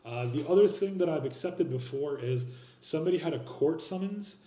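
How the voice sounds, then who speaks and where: A man's voice: fairly high pitch, expressive, moderate pace, mellow, reverberant. Casual, blunt young male instructor. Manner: casual, rambling, blunt with slang. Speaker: college instructor. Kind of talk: recorded online class lecture.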